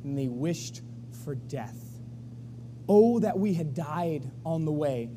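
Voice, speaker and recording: A man preaching a sermon in a church, telling the story in a lively way and acting out the voices of the people. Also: on the high side, slow, slight background noise. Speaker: pastor. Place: church sanctuary. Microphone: live stream.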